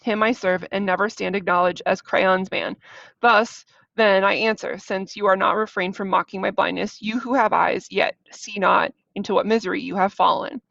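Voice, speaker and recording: A weary, defiant old blind seer answers in a stern, grave voice with a gravelly edge, as a woman reads him. The recording is dull and dry. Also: mid-range voice, fairly even intonation, moderate pace, a bit bright, no room sound.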